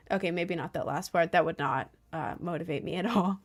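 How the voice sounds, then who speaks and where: A woman's voice: fairly low pitch, fairly quick. A young adult woman streaming and chatting casually, reading viewer messages in a rambling way, with lots of fillers and frequent laughs.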